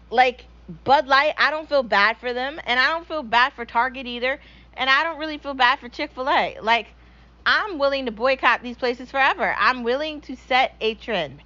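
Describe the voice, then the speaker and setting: A woman's voice: on the high side, pushed and bright, lo-fi sound. A young woman hosting her own show, ranting bluntly and profanely in a casual opinion monologue. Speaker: podcast host.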